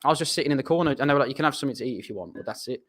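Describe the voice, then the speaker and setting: A man's voice: mid-range voice, lively intonation, very fast, fairly bright tone. A young English man, a footballer guest, telling a long rambling anecdote in a casual, self-deprecating way. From England. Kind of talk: casual storytelling.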